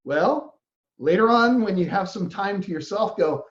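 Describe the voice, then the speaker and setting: A man giving a reflective spiritual talk as a teacher, gentle and earnest, sometimes acting out inner voices. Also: sits high, animated, measured pace. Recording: roomy, dull lo-fi recording.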